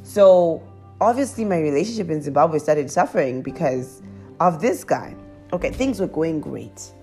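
A woman telling her viewers a confessional story in a chatty, animated way, laughing as she goes. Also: moderate pace, faint music behind. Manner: laughs often and breaks into high squeals. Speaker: vlogger.

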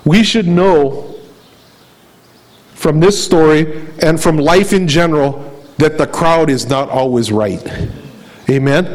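A man's voice: fairly high pitch, poor audio. Preaching man retelling a story. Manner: dramatic retelling with quoted voices; asks the congregation questions. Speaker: pastor.

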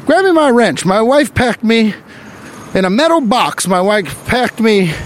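A man playing a rough old-time factory worker who talks in loud, folksy bluster. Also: high voice, big pitch swings, a little slow, a little hiss or hum, voice pushed up.

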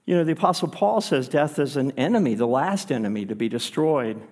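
A man's voice: mid-range voice, brisk, a little mellow, long reverb tail. A man pastor preaching a sermon in an earnest, conversational way, pushing his voice up for emphasis.

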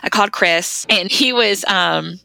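A woman's voice: mid-range voice, a little slow, creaky, bright, forceful tone, no echo. A middle-aged woman, a podcast guest, telling a heartfelt personal story in casual, conversational talk full of "like" fillers.

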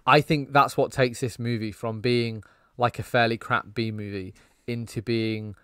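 A man's voice: medium pitch, fairly even intonation, unhurried, a bit bright, smooth, no echo, studio quality. A man co-hosting a casual film podcast, rambling and swearing as he laughs along. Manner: rambling, swearing, laughing at his own jokes. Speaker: podcast co-host. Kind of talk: casual film-review chat.

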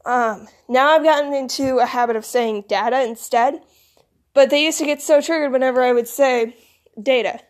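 A woman's voice: high voice, moderate pace. A teenage girl rambling casually to camera, with plenty of "like" and "you know". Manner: filler-heavy, rambling, lots of "like". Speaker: vlogger.

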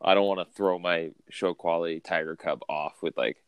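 A man's voice: sits low, fairly even intonation, normal speed, hardly any pauses, smooth, no room sound. A man co-hosting a podcast from home, chatting casually in a rambling, joking way with lots of fillers. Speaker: podcast co-host. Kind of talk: casual chat. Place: home, remote recording.

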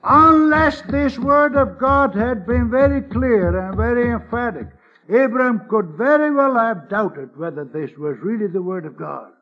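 A man's voice: very high voice, lively intonation, measured pace, muffled recording. A man preaching a sermon, earnest and emphatic, calling his listeners beloved.

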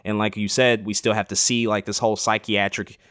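A lower-pitched man talks through a TV episode in a relaxed podcast chat. He is enthusiastic, backtracks often, and fills pauses with "like" and "um". The sound is dry and close, with little room echo. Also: clear, resonant tone. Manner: enthusiastic, many fillers and restarts. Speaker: podcast co-host. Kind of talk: casual discussion of a TV episode.

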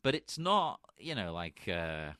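A man co-hosting a podcast, chatting casually about a film with laughs and flat deadpan asides. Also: low-pitched, a little slow, dry recording, studio quality. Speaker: podcast co-host.

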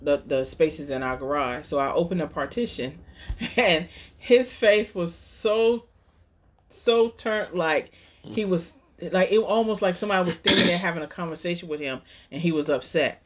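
A woman's voice: fairly low pitch, normal speed. A woman who is a marriage coach telling a personal story in a conversational, hesitant way at a church workshop. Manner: conversational, hesitant with fillers and restarts.

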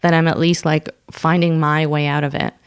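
A woman in her thirties, a stand-up comedian, telling stories in casual chat and acting out quoted voices with big swings in pitch. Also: normal speed, clear, resonant tone. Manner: animated storyteller, acts out quotes with big pitch jumps.

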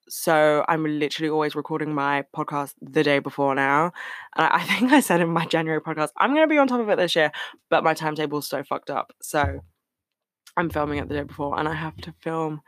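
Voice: mid-range voice, fairly bright tone, no room sound, studio quality. A young adult hosting a casual solo podcast, talking candidly and animatedly with lots of filler words and casual swearing. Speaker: podcast host.

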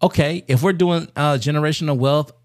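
A young male co-host in an easy podcast conversation. He is blunt and profane, and he keeps reasoning out loud as he makes his case. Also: on the high side, a little fast. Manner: candid, profane, animated. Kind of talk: casual chat.

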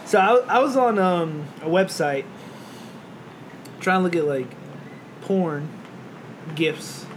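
High-voiced laughing man telling crude stories. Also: animated, takes it slowly. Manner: crude, rambling storytelling with frequent laughter. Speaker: podcast co-host. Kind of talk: casual chat. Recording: noisy room ambience.

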